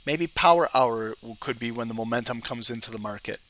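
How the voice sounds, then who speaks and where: Male host, live market commentary, thinks aloud, crisp forward tone. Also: mid-range voice, a little fast, pushed and bright, a little hiss or hum. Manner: thinks aloud while reading charts, lists price levels. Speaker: trading channel host.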